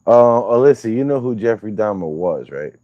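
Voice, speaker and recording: A man's voice: on the low side, expressive, moderate pace, no room sound, highs cut off. A man hosting a casual livestream, teasing and joking with his viewers. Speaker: livestream host.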